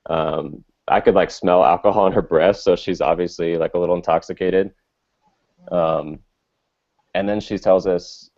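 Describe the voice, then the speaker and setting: A man's voice: deep voice, fairly even intonation, moderate pace, creaky, darkish tone. A young man telling a long, rambling story in casual chat, full of filler words and swearing. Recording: dull lo-fi audio.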